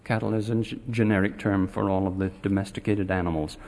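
A man teaching a scripture class. He speaks haltingly with many filler pauses and grows animated when he retells a story. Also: low voice, big-room sound.

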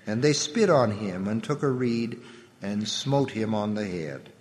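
A man giving a solemn, measured scripture reading, letting his voice drop at the ends of phrases. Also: lowish voice, lively intonation. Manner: measured, reverent delivery with the voice dropping at phrase ends. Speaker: scripture reader. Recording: long hall reverb.

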